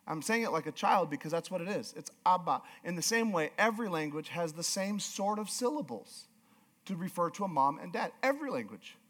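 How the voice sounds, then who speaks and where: A man's voice: sits high, big pitch swings, a little fast, fairly bright tone. A male pastor preaching a sermon with emphatic, repeated phrases.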